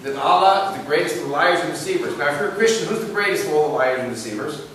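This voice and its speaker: Animated man lecturing in an echoey hall. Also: a little high, quick pace. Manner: animated, asks the audience questions and tells stories. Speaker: speaker addressing an audience. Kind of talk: preaching-style talk to a live audience. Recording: echoey room picked up from a distance with hiss.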